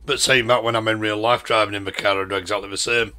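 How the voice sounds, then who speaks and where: A man with a Yorkshire accent chats his way through a driving game, wandering off into stories. His voice sits fairly low but comes out bright and forceful. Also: steady tone, fast talker, smooth. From Yorkshire, England. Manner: rambling, chatty storyteller. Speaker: gaming channel host. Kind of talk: casual driving-game commentary.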